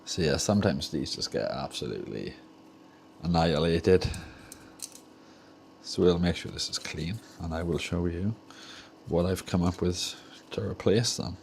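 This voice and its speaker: Welsh man, very deep voice, rambling casual stream chat, faint room hum behind. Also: animated, unhurried, vocal fry, pauses often, darkish tone. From Wales. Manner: rambling, chatty, self-correcting as he works. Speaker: streamer repairing game controllers. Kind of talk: casual livestream chat while tinkering. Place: home workshop with soldering bench.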